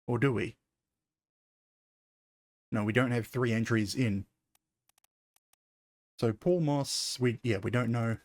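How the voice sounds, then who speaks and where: A man's voice: mid-range voice, slow pace, pauses often, no echo. A man playing a video game and thinking aloud in casual commentary, often correcting himself. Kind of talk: let's-play commentary.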